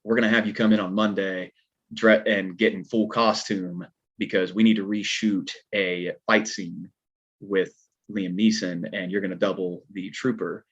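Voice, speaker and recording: A man's voice: sits low, flat delivery, moderate pace, a bit bright, breathy edge. A man with a Southern American twang, a stuntman guest on a podcast, telling a story in a laid-back, rambling way full of filler words. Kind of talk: casual storytelling chat. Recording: dull lo-fi podcast audio.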